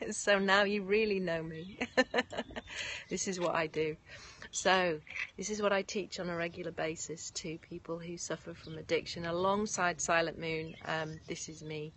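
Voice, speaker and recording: Yoga teacher lady chatting to her stream outdoors, gushing, lots of thank-yous, lowish voice, faint birds behind. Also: unhurried, fairly bright tone, a little hiss or hum. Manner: effusive, thanking viewers by name, laughing often. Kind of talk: live-stream chat after a guided meditation. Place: outdoors in nature. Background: faint birds and distant sirens.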